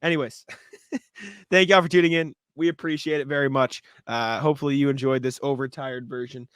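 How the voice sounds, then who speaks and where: A man's voice: mid-range voice, fairly even intonation, a little fast, fairly bright tone, clean tone, no echo. A young man co-hosting a podcast, telling a drunken night-out story with laughs and plenty of swearing. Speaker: podcast co-host. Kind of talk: casual chat.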